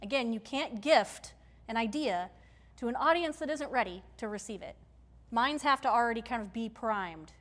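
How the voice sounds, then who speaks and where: A woman's voice: fairly high pitch, expressive, normal speed, a bit bright. A woman giving a live workshop talk to a room, conversational and emphatic, often checking in with her audience. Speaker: workshop presenter. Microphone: handheld or stage mic.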